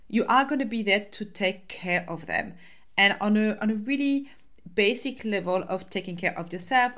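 A woman's voice: medium pitch, a bit bright. A woman with a French accent hosting her own podcast as a life coach. She talks in an upbeat, encouraging way and often lists things. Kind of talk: solo podcast monologue.

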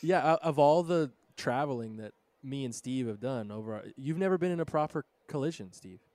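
A man's voice: medium pitch, lively intonation, fairly quick, a little mellow, dry recording. A man in his thirties, a podcast co-host, telling a road story in a casual, laid-back way with lots of "dude" and "bro". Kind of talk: casual chat.

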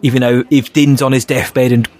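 Male co-host, casual rambling chat, mid voice, self-deprecating, quick to laugh. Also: mid-range voice, little pitch movement, a little mellow. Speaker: podcast co-host.

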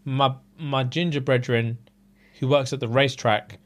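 A podcast co-host with a London accent speaks at normal speed and medium pitch, casually and animatedly recounting a story. Quoting people, he slips into varied voices, and he swears freely throughout.

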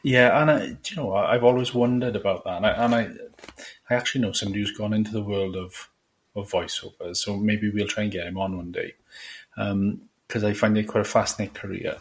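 A man's voice: lowish voice, fairly even intonation, a little fast, breathy edge. A young man co-hosting a casual podcast, chatty and a little hesitant with frequent ums. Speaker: podcast co-host. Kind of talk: casual chat.

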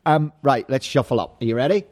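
A man hosting an interview show, playful and animated as he tells stories and quizzes his guest. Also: mid-range voice, a little fast. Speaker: host. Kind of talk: lively interview chat.

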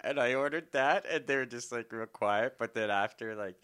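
A man's voice: medium pitch, moderate pace, a bit bright, clean tone. A young man in casual chat, telling stories against himself and laughing often. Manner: self-mocking, laughs often.

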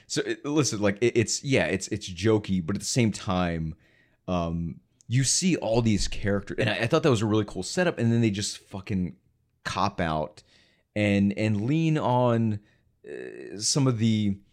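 A man's voice: lowish voice, big pitch swings, measured pace. A man in casual film talk, hesitant with many fillers and restarts, blunt and profane.

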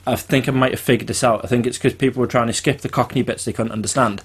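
Relaxed man with lots of fillers. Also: mid-range voice, quick pace, breathy edge. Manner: relaxed, filler-heavy, storytelling. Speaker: podcast co-host. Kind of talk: casual podcast chat.

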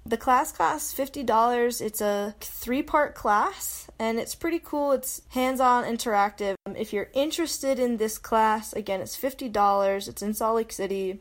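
A woman's voice: a little high, moderate pace, few pauses. A young adult woman hosting a casual solo podcast, chatty and self-mocking, often laughing and slipping into quoted voices. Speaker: podcast host.

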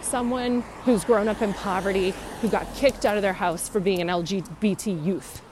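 A woman's voice: mid-range voice, normal speed. Vlogger, Canadian woman in her 30s, opinionated street rant, heavy traffic noise. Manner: opinionated, emphatic, ranting. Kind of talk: casual chat to camera. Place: outdoors by a busy road. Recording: loud traffic noise behind.

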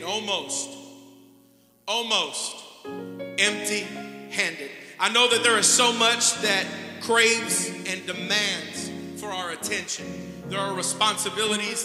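A man with a strikingly high voice preaches emphatically, calling out to his congregation as he goes. His voice rings through a long, echoing church hall while music plays clearly underneath. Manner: emphatic preaching with crowd call-outs. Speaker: pastor. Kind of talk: sermon. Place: church sanctuary. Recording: echoey hall with music behind.

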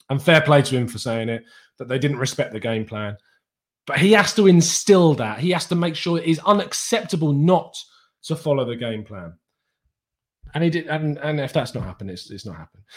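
A young man hosting a football live stream, reading viewer chat and bantering with them, laughing often. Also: on the high side.

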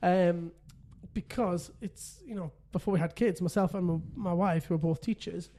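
A man in his thirties co-hosting a casual podcast chat. His voice sits fairly high for a man. He tells stories in a chatty way and laughs often. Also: moderate pace, warm tone. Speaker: podcast co-host.

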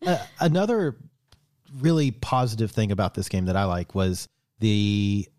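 A man with a somewhat low voice co-hosts a podcast in easygoing chat. He talks in an animated, joking way and often restarts his sentences. The sound is dry and close. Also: normal speed, dry recording. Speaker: podcast co-host. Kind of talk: casual chat.

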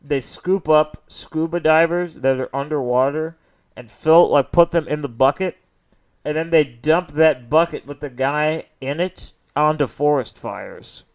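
A man's voice: a little high, unhurried, smooth. A young man co-hosting a casual podcast chat, telling rambling, profane stories. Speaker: podcast co-host.

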